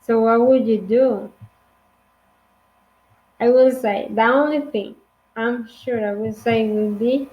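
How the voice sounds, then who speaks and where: A woman from Honduras with a Honduran Spanish accent, teaching an online English lesson with slow, clear speech and playful acted examples. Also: fairly high pitch, steady tone, dull audio.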